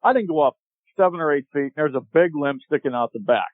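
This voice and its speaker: A man guest on a podcast, telling a long hunting story in a casual, animated way and acting out what people said. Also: a little high, fast, no room sound. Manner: animated storyteller, acts out shouted quotes. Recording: tinny phone-like line, dry.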